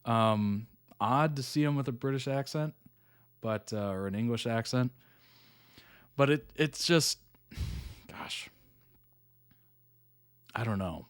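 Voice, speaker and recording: Middle-aged man, casual reaction commentary, relaxed chatty delivery, slightly low pitch. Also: smooth, no echo, studio quality. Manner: easygoing, chatty, laughs often; reads article text aloud plainly. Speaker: reaction channel host.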